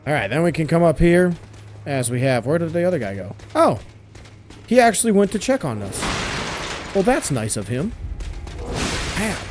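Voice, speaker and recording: A hoarse man who has lost his voice, chatting casually through a game walkthrough and teasing the enemies on screen. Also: a little high, sing-song, normal speed, pauses often, darkish tone, soft background music. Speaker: gameplay walkthrough host.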